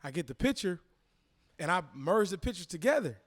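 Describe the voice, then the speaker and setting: A man in his thirties, a podcast guest, telling a personal story in a casual, animated way and acting out the voices he quotes. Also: high-pitched, a little fast. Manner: animated, acts out quoted voices, repeats phrases.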